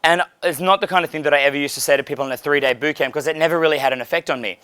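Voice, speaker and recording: A man's voice: fairly high pitch, rapid-fire, pushed and bright, smooth, dry recording. A man giving casual, blunt, profane coaching on approaching women, laughing now and then. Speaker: dating coach.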